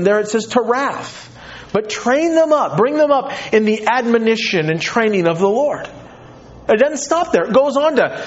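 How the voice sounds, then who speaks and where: A man preaching a sermon in a high voice, emphatic and animated as he drives his points home. His pitch swings widely from line to line. The recording sounds dull and lo-fi. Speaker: pastor.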